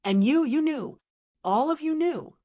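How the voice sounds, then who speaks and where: A woman voicing an angry grown son who confronts his in-laws, speaking with quiet bitterness that turns into raised accusation. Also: high voice, expressive, moderate pace. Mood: bitter anger.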